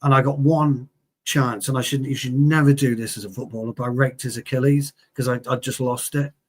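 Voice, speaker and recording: A man in his forties talks football in a heated, swearing, animated way. His voice is husky and a little breathy. He drifts into stories from his playing days. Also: mid-range voice, brisk. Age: 40s. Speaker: co-host, former player. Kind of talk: heated casual football chat.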